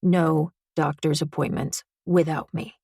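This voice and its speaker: A woman voicing a brusque tattooed mafia lover, gravelly and commanding, in an audiobook. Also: sits low, level tone, measured pace, a little mellow, dry recording, studio quality, full character voice. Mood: curt. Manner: curt and commanding.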